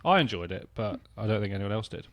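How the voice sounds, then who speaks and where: A man's voice: on the low side, animated, quick pace, a bit bright, no echo, studio quality. A man co-hosting a podcast, trading cheeky, crude banter in a casual chat. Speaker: podcast co-host.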